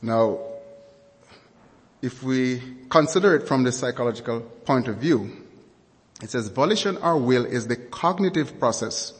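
A man preaching a sermon, speaking slowly and deliberately and repeating key words and definitions for emphasis. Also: medium pitch, long reverb tail.

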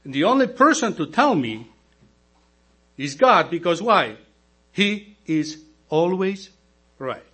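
Slow, husky-voiced preaching man. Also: high-pitched, sing-song, a bit bright. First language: not English. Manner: slow, emphatic preaching with rhetorical questions to the congregation. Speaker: deacon. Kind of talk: sermon. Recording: mains hum in background.

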